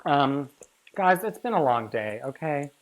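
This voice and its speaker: Woman cooking show host, low voice, brash, sweary, teasing. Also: expressive, measured pace. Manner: brash, swears freely, teasing insults at viewers. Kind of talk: casual cooking demonstration.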